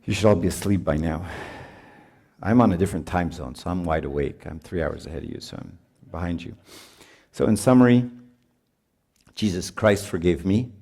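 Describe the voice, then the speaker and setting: A middle-aged man preaching at a retreat in an animated way, acting out voices of parents and children as he teaches. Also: low voice, normal speed. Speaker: priest. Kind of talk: retreat sermon.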